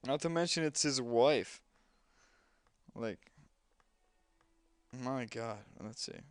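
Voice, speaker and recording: Young man, casual gameplay commentary, rambling chatty talk, crisp clear voice, dry close mic. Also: medium pitch, takes it slowly, no echo. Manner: chatty, rambling, lots of fillers.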